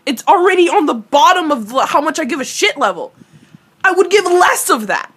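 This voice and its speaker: A young woman talks through an episode in a casual reaction video. She rants with a lot of energy and swears freely. Her voice sits a little high. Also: a little fast. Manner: animated ranting with profanity.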